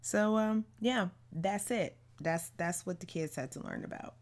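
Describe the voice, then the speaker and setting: A woman's voice: lowish voice, measured pace. A woman hosting her own podcast in a casual solo monologue, blunt, slangy and outspoken. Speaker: podcast host.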